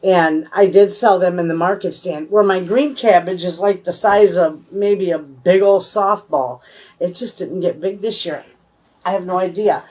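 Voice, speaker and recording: A woman's voice: fairly low pitch, measured pace, a little mellow. A woman in her fifties with a Michigan accent, chatting casually and rambling in a folksy, homespun way about her homestead. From USA. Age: 50s. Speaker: homesteading vlogger. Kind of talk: casual chat to camera.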